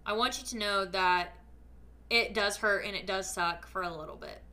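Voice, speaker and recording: A woman's voice: mid-range voice, moderate pace, pushed and bright. A woman hosting a podcast, speaking to listeners in a casual, emphatic and earnest faith-based motivational talk. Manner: casual, with frequent fillers. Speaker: podcast host.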